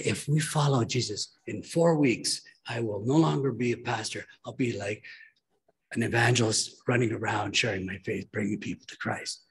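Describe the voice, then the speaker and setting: A man's voice: medium pitch, moderate pace, creaky, a bit bright. A man preaching a church sermon as pastor, emphatic and pleading with his listeners.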